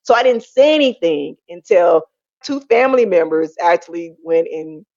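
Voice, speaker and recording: A woman's voice: moderate pace, creaky, no room sound. Woman guest spilling her story, acts out family voices, dry lo-fi sound. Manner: animated, acts out quoted family voices in a high pitch. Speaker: interview guest. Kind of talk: candid storytelling.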